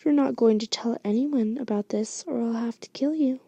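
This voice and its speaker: A creepy, coaxing male teacher with a menacing edge, as a woman whispers his lines. The voice is dark and gravelly and sounds close and dry, in the manner of a whispered story reading. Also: fairly high pitch, moderate pace, dry recording, dull audio.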